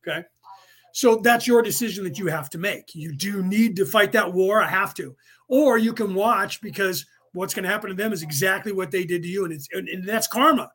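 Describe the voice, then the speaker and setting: A man's voice: sits high, fairly quick, fairly bright tone, breathy edge. A man in his fifties hosting a podcast, talking through his ideas in a rambling casual lecture full of fillers and restarts. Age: 50s. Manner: acts out angry drivers in quoted outbursts. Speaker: podcast host.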